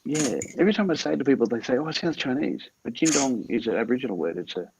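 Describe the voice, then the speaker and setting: A man's voice: medium pitch, sing-song, racing, background noise. A man from Australia chatting on a video call from a hotel room, laughing and restarting his sentences. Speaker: co-host. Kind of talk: casual chat on a video call. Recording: dry lo-fi video call audio.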